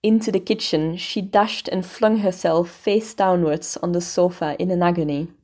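A woman narrating a storybook in a measured, even way. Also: lowish voice. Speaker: audiobook narrator. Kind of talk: storybook reading.

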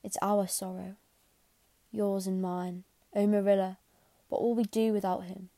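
A woman's voice: mid-range voice, little pitch movement, measured pace, dark tone, dry recording, lightly acted. A woman voicing a grieving, tearful orphan girl who pleads to be comforted.

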